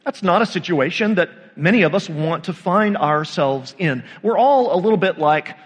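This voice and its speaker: Pastor preaching in an echoing church. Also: male voice, sits high, animated. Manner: conversational, with dramatic pauses and rhetorical questions. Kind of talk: sermon. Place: church sanctuary. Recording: church hall reverb.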